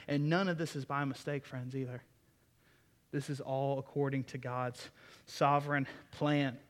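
A man's voice: on the high side, in a large hall. A man preaching a sermon in a folksy, enthusiastic way, with asides to the congregation. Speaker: pastor.

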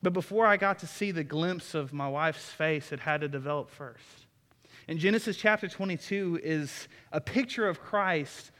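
Young pastor in an echoing hall. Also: male voice, fairly high pitch, fairly bright tone. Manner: earnest and conversational, with many restarts. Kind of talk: sermon. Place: church sanctuary.

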